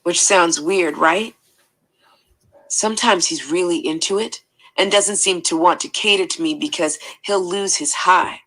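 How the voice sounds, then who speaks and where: A woman reading a first-person account aloud in a steady, matter-of-fact way. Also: lowish voice, a little slow, low-quality recording. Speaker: reader.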